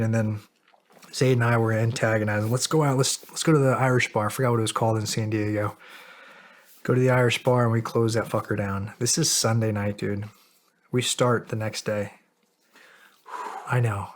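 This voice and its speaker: A middle-aged man, a podcast guest, telling a long story in casual, profane, self-mocking style. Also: mid-range voice. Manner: animated, profane, laughs at himself.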